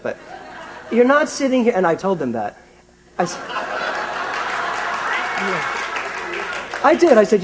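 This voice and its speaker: A man's voice: high voice, wildly swooping pitch, measured pace, long pauses, a faint crowd, slight background noise. A British man in his fifties giving a conversational, self-mocking sermon from the pulpit. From Britain. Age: 50s. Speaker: minister. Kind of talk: sermon with personal anecdote.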